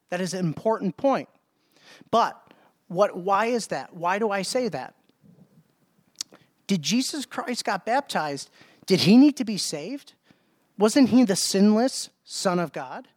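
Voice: mid-range voice, lively intonation, slow, long pauses, no echo. A preacher giving a sermon, speaking emphatically, asking rhetorical questions and repeating words.

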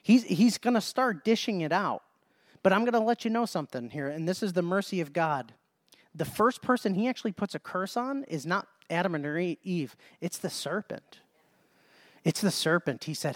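A man's voice: a little high, normal speed, dry recording, studio quality. A man preaching a Bible study sermon in an emphatic way, often repeating phrases and restarting mid-sentence.

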